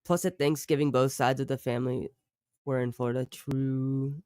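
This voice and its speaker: A man who makes true crime streams and music, chatting live with his viewers in a loose, rambling way, full of swearing and quick reactions to the chat. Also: mid-range voice, clear, resonant tone, dry recording, clean studio sound. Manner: profane, rambling, animated asides to chat.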